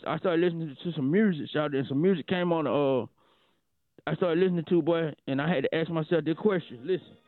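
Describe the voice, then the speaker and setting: A man's voice: fairly high pitch, fast, dry recording. Drawling comic man on a tinny line. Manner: drawling, preachy, repeats "shawty" and "boy". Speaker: radio show comedian telling a bit. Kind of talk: comic radio monologue. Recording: tinny phone-like dry sound.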